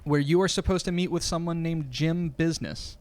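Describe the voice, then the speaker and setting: A man's voice: fairly high pitch, fairly quick, darkish tone. A man narrating a tabletop game as game master, in a casual, filler-heavy way.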